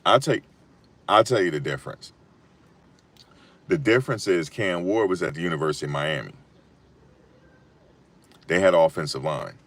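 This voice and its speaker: A man giving casual, emphatic sports talk on a live stream, repeating his points and rising to loud peaks. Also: deep voice, moderate pace, pauses often. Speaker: sports commentator.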